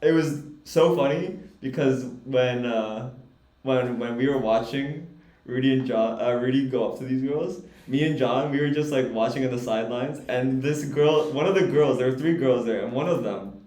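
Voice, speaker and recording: A man's voice: medium pitch, moderate pace, darkish tone. A young man chatting as a podcast co-host, rambling through a story with laughs and restarts. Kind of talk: casual chat. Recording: roomy echo.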